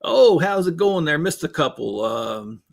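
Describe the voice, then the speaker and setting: This live-stream host, a man in his fifties, chats with viewers in a jokey, meandering way as he builds LEGO sets and reads the chat, laughing often. His voice sits on the high side, swings widely in pitch, has vocal fry, and moves a little slowly.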